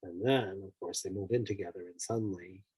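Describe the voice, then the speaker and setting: A man's voice: sits low, fairly quick, darkish tone, slightly rough, rough recording. A male therapist explaining personality types through examples in a loose, conversational way, full of "like" and "you know", now and then acting out the people he describes. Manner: acts out the people in his examples.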